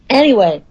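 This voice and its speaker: A woman's voice: high-pitched, dark tone, highs cut off. A woman in her thirties, a podcast co-host in casual chat, blunt and swearing, laughing often. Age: 30s.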